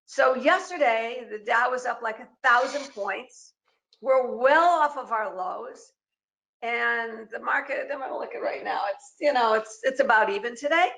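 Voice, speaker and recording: A woman's voice: a little high, measured pace, gravelly, fairly bright tone, rough recording. A woman moderating a webinar panel over a video call, chatty and emphatic, firing off pointed questions.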